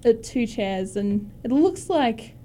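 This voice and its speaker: A woman game master narrating a tabletop game in a relaxed, loose way with fillers. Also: a little high, takes it slowly, a little hiss or hum.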